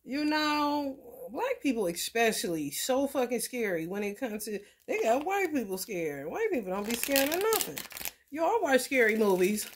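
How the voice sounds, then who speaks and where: A woman's voice: on the high side, very animated, normal speed, slightly rough. A woman, talking loosely and profanely in a casual tarot vlog. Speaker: tarot reader.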